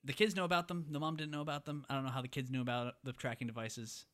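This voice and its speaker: A young man casually recapping a movie as podcast co-host, animated, acting out characters' lines. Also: medium pitch. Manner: animated, acts out characters' lines in quick voices.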